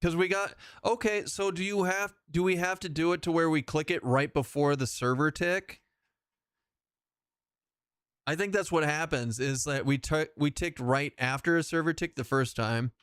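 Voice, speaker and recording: A man's voice: fairly high pitch, moderate pace, fairly bright tone, clean tone, no echo, studio quality. A man chatting casually as he streams a game live, rambling and self-mocking and laughing often.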